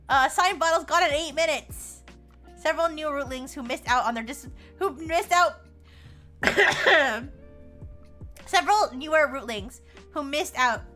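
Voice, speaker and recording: A woman's voice: sits high, pushed and bright. A young woman streaming live, reading posts aloud in casual commentary with sarcastic asides. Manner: reads text aloud with frequent laughs and sarcastic asides.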